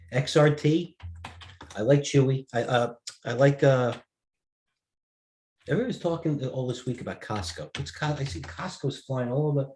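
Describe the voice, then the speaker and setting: A man with a low voice hosts a live trading stream and thinks aloud over his charts. He rambles, drops sentences halfway and jumps to the next thought. The room around him sounds echoey. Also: dark tone. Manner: rambling, offhand, trails off mid-sentence. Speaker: stock market host.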